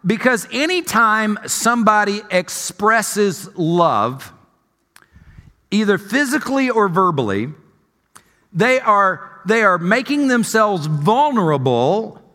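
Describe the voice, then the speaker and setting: A male pastor preaching in a high, bright voice, animated and conversational as he tells a story. His words ring on in the long reverb of a church sanctuary. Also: slow. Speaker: senior pastor. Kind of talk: sermon.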